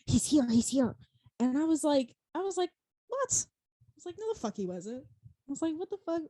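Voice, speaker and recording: Young woman chatting, higher-pitched, dry sound. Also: expressive, normal speed, mellow, dry recording. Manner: rambling, laughs often, swears freely. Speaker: podcast co-host. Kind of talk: casual chat.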